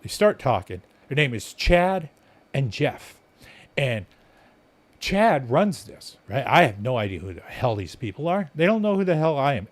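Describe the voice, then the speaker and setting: A male podcast host telling a story in a casual, rambling monologue, blunt and swearing freely. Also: medium pitch.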